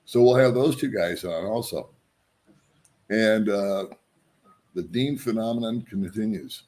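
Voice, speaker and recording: Give me a man with a fairly low voice hosting a casual vlog, chatty and meandering. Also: measured pace, darkish tone. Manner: loose and chatty, with frequent ums and chuckles. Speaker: vlog host. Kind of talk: casual rambling vlog chat.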